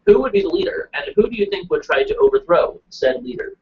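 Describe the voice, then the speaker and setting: Animated rambling man on a lo-fi webcast. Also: high-pitched, fast, slight background noise. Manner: animated, rambling, self-deprecating. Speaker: show regular. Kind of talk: casual live chat. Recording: dull lo-fi webcast audio.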